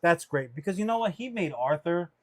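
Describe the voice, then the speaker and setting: A man with a high voice runs a loose pop-culture chat, animated and rambling. He swears freely and piles up fillers and restarts. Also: brisk. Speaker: podcast co-host.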